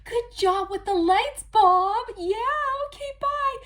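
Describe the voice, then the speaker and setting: A woman's voice: extremely high pitch, takes it slowly, a bit bright, voice pushed up, heavily acted. A woman voicing a prim, fake-sweet mother who gushes over a neighbor in a sing-song voice. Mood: gushing.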